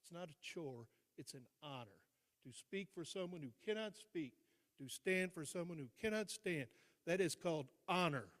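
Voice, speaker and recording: A man's voice: a little high, lively intonation, fairly bright tone. Older man giving a dramatic speech. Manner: dramatic pauses, repeats phrases for emphasis. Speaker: guest speaker. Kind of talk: motivational storytelling speech. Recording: long reverb in a large hall.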